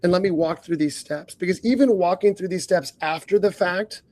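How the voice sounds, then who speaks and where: A man co-hosting a leadership coaching podcast, earnest, stacking up rhetorical questions and often clearing his throat. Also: high-pitched, brisk, darkish tone.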